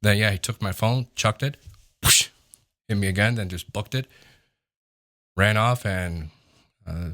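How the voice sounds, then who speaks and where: A man, a podcast guest, calmly telling a story in casual talk. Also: lowish voice, measured pace, pauses often. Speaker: guest, acting coach.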